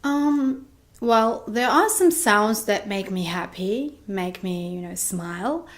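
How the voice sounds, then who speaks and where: A woman's voice: mid-range voice, animated, slow. A young woman from Georgia, an actress answering interview questions eagerly in simple phrases, often adding "you know".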